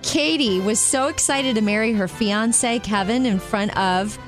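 A woman's voice: on the high side, measured pace, soft background music. Upbeat woman presenting light news. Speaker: radio show co-host. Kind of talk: casual chat and news-story reading.

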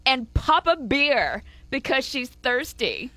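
A woman's voice: high voice, slow, no room sound. A woman from Alabama with a Southern accent, a news anchor chatting as a podcast guest, telling stories with frequent giggles. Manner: giggly, animated storyteller. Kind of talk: casual podcast chat.

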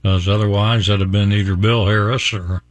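A man's voice: fairly low pitch, steady tone, normal speed, no echo. An older man from Virginia hosting a morning radio show, telling a rambling story and chuckling often. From Virginia, USA. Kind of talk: chatty on-air storytelling. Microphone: studio mic.

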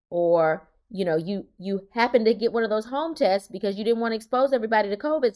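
A woman co-hosting a podcast who works in healthcare, explaining things in a plain, emphatic, animated way. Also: a little high. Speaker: podcast co-host, healthcare worker. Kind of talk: casual podcast chat.

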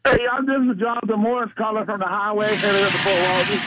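A man calling in to a radio show from his car on the highway, telling a rambling story. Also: little pitch movement, quick pace, noisy background. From Florida. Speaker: caller. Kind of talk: casual phone call to a radio show. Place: in a vehicle on the highway. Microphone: phone. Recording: tinny dry phone line.

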